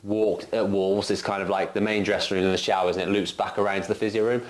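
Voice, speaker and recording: A middle-aged man, a former footballer, telling an animated anecdote on a casual podcast, full of "like" fillers. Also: fairly low pitch, fast, slight background noise.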